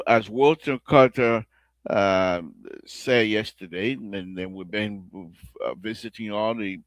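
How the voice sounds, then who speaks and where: A Liberian man hosts his own talk show in a plain, mid-pitched voice. He rambles and repeats himself, moving from prayer into heated political talk. The sound is dry and close, with no room around it. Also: dry recording. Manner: rambling, repeats phrases, prays aloud then rants about politics. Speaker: radio show host.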